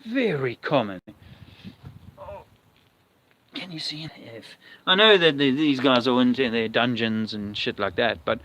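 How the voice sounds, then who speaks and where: Walking outdoors on a livestream, this vlogger chats wryly and rambles. His medium-pitched voice is fairly bright and measured in pace, with a dry recording. The outdoor sound is dull and lo-fi, with faint noise.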